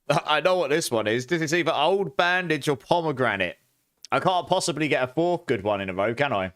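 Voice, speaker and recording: A man's voice: fairly high pitch, lively intonation, moderate pace, a bit bright. A young man chatting casually on a game live stream, thanking viewers and exclaiming often.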